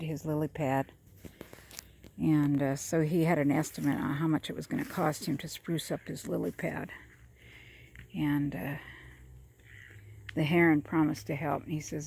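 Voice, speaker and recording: A woman's voice: deep voice, vocal fry, darkish tone, husky. A woman telling long, meandering jokes, with fillers and chuckles along the way. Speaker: joke teller. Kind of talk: rambling joke telling.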